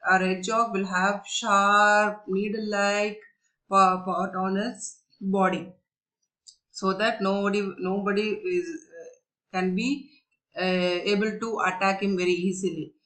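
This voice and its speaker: A woman's voice: mid-range voice, fairly even intonation, slow pace, fairly bright tone. A woman teacher explaining a story to young children, repeating herself, searching for words and asking them questions.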